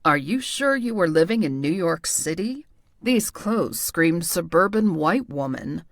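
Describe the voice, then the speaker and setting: A woman's voice: on the low side, animated, measured pace, dry recording, voice pushed down. Give me a blunt, theatrical man with a cutting tongue, read by a woman, in a dry studio recording. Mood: sassy, blunt. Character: blunt, sassy man, bossy fashion critic.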